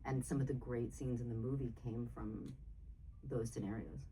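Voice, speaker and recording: Very low-voiced woman, from far off. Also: steady tone, normal speed, noisy background. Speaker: film producer, panel guest. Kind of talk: casual Q&A talk. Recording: voice picked up from far off.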